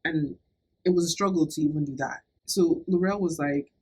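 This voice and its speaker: Young woman, vlogger, husky tone, casual storytelling, animated, laughs often. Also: deep voice, normal speed. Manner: animated, laughing, acts out what people said. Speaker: beauty vlogger.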